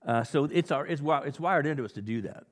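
A male pastor preaching a sermon in a conversational, animated teaching style with frequent restarts. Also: a little high, a little fast. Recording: long hall reverb.

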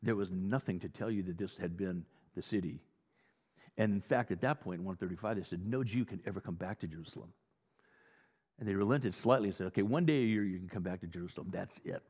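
A male pastor preaching a sermon in a conversational, animated teaching style with frequent restarts. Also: low voice, fast, breathy edge. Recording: long hall reverb.

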